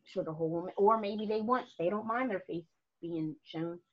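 A woman in a casual podcast chat, telling lively stories as a guest photographer and laughing often. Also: medium pitch, moderate pace. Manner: animated storyteller, laughs often. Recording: muffled lo-fi podcast audio.

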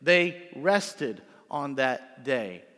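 A man's voice: mid-range voice, big pitch swings, drawn-out words, a bit bright. A male pastor preaching a sermon in a church, reading scripture and talking in a conversational way with frequent "right?" checks. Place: church sanctuary. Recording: long hall reverb.

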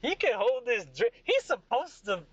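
A man voicing a loud, boisterous drunk tavern patron in a tabletop game. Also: very high voice, big pitch swings, moderate pace, no room sound, lo-fi sound, pitched above the performer's own voice, full character voice. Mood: rowdy.

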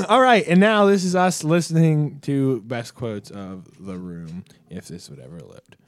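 Dude cohost goofing around, lively up and down, dead dry sound. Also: male voice, on the high side, a little slow, no echo. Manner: loose, joking, profane. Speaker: podcast co-host. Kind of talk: casual chat, reacting to film clips.

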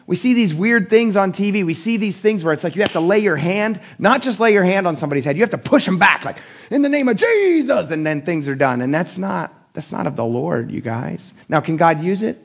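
Male pastor, higher voice with gravel, talks to the congregation casually and acts out quotes with pitch jumps. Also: fairly quick, hardly any pauses. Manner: conversational and animated, acting out quoted voices. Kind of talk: sermon.

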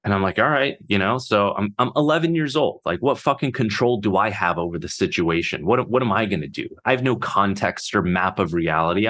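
A man telling his own life story off the cuff, halting and full of fillers, swearing casually. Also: on the low side, fairly bright tone. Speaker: podcast host. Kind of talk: unscripted personal storytelling.

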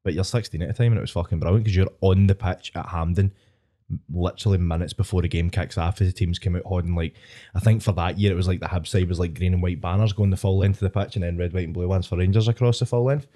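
A man's voice: sits low, steady tone, fast, mellow. A Scottish man in his twenties, hosting a podcast and telling a long, rambling, sweary story in casual chat. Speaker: podcast host.

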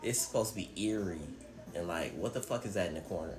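A man telling stories in casual chat, profane and animated, acting out what people said. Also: low-pitched, fast talker, reverberant. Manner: profane, animated storyteller who acts out quotes.

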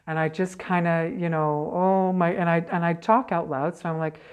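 A woman's voice: on the low side, normal speed, smooth. A woman working as a psychic medium, chatting in an interview and telling stories, often ending her points with "okay?" or "right?". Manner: chatty, animated, frequent okay and right tags. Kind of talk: casual interview storytelling.

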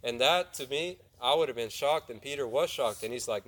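A young man with a mid-range, somewhat bright voice speaks fairly quickly as he gives a casual youth sermon. He retells a Bible story in everyday language, puts questions to his listeners, and performs the characters' lines in a conversational style.

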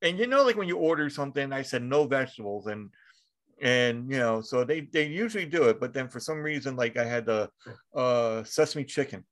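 A man's voice: mid-range voice, expressive, a little fast. A man hosting a podcast, telling rambling stories with frequent laughter and swearing. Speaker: podcast host. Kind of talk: casual chat.

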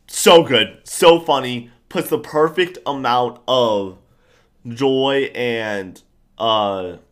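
A young man chatting casually about a TV show, enthusiastic and rambling, with animated outbursts. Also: mid-range voice, very slow.

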